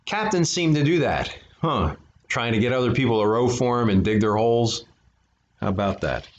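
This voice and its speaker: A man's voice: medium pitch, animated, normal speed. A man reading a children's picture book aloud as a storyteller, breaking off for chatty asides to his listeners. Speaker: storyteller for an art studio. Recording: dull lo-fi recording.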